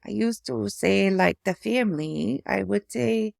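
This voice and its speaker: A middle-aged woman from Canada whose speech now has an Eastern European-sounding accent, talking slowly and haltingly with many pauses and fillers, affected by aphasia after a stroke. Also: medium pitch, vocal fry, darkish tone, dry recording, clean studio sound. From Hamilton, Ontario, Canada. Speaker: memoir vlogger, former priest. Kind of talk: personal reflective talk to camera.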